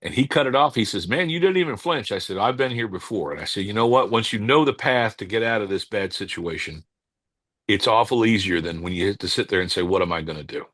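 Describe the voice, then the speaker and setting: Brief: male interview guest, low and dry, halting casual storyteller. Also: dry recording. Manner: halting, with many restarts when searching for words; calm, unhurried anecdote telling. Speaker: cigar company owner, podcast guest.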